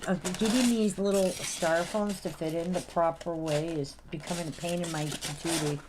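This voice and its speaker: A woman hosting a live figurine sale in casual chat, reading out item names and numbers slowly and clearly. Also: lowish voice, steady tone, background noise.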